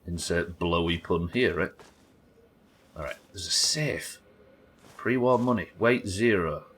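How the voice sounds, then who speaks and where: A man's voice: low voice, takes it slowly, fairly bright tone, a little hiss or hum. A man streaming a game live, chatting with viewers in a wry, sweary, bantering way. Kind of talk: live gameplay commentary.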